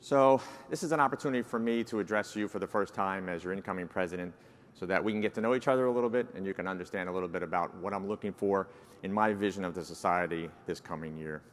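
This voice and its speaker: An older man in his sixties with a New York accent speaks at a conference podium in a fairly low voice. His talk is folksy and self-deprecating, dotted with uh fillers. The sound carries a long reverb from a large hall. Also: quick pace, a little hiss or hum. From New Jersey, United States. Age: 60s. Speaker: society president giving an address. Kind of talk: conference keynote speech.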